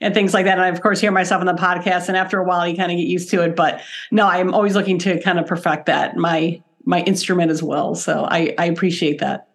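A woman hosting a casual podcast conversation, enthusiastic and quick to laugh. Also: on the low side, level tone. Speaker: podcast host.

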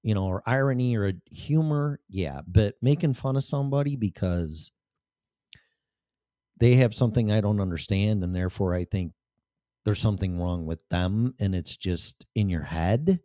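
A man's voice: fairly low pitch, moderate pace, dark tone, no room sound, studio quality. A man hosting a show, telling a personal story bluntly, full of profanity.

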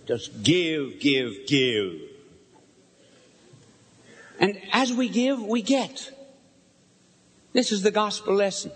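An older man, a bishop, preaching a sermon to a live audience, telling a story with lively questions to the crowd. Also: mid-range voice. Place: large hall before a live audience. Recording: long hall reverb.

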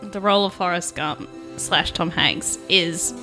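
A woman's voice: on the low side, a little slow, pushed and bright, faint music behind. A woman playing a brash, oblivious actress at an audition in a sketch comedy podcast. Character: overconfident auditioning actress with mobster ideas.

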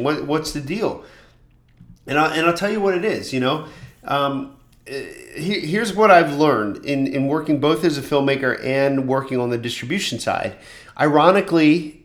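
A man hosting a solo podcast for filmmakers, talking in a conversational and fairly monotone way, with many fillers and restarts. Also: fairly high pitch. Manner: calls his own voice monotone. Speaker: podcast host.

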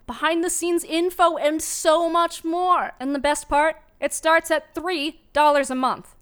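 A woman with a high voice hosts a podcast and delivers a plug for supporters. She sounds upbeat and casual, swearing freely for emphasis. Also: a bit bright. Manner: upbeat and profane. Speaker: podcast host. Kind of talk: sponsor plug.

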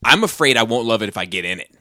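Male podcast co-host, expressive and bouncy, playful delivery. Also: fairly low pitch, rapid-fire, no echo, clean studio sound. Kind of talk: casual chat.

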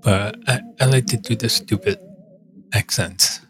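A man hosting a show, rambling casually and thinking aloud with halting restarts. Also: fairly low pitch. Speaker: show host. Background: music playing.

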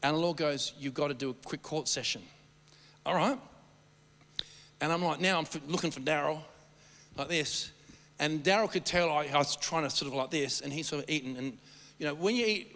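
A man preaching and telling stories, rambling and animated, often stammering and restarting his sentences. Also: a little high, brisk. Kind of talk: sermon storytelling. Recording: long hall reverb.

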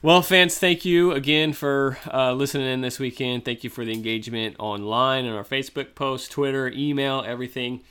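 Bright-voiced man chatting casually. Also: mid-range voice, steady tone, moderate pace, hardly any pauses, smooth. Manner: rambling, lots of uh and I guess. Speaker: podcast co-host. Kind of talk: casual chat.

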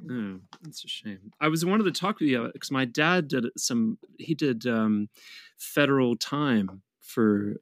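Man, podcast co-host, teasing deadpan humor, dry close sound. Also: mid-range voice, a little slow, no room sound. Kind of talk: casual podcast chat.

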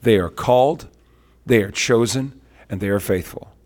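Animated storytelling evangelist man, low voice. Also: moderate pace. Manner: animated storyteller, acts out quotes. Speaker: traveling worship leader and evangelist. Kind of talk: storytelling on a faith talk show.

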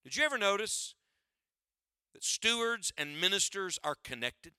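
A man's voice: sits high, expressive, normal speed, pushed and bright, clear, resonant tone, dry recording, clean studio sound. A man preaching a sermon to his church, using a preacher's cadence and rhetorical questions, often asking listeners to write down his points. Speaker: pastor.

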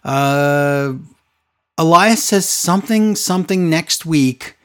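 A man talks in a casual podcast chat, and his pitch jumps up and down a lot as he goes. He rants with sarcastic exasperation, throwing out incredulous questions. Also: expressive, a little slow. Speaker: podcast co-host recapping wrestling.

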